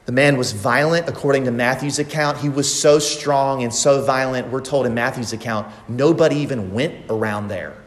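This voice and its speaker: A man's voice: mid-range voice, normal speed, hardly any pauses. A man preaching a sermon in a church, emphatic and repeating phrases for effect. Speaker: pastor. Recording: long reverb of a large hall.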